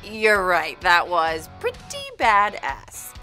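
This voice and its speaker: A woman's voice: on the low side, slow pace, loud music behind the voice. A woman hosting a casual TV recap, speaking in a bubbly, sarcastic way. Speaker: host.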